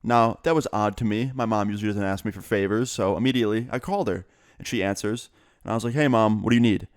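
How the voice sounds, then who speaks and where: Young male vlogger with a lowish voice, casual chatty storyteller, close and dry. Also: fairly even intonation, fast, no room sound. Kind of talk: storytime vlog.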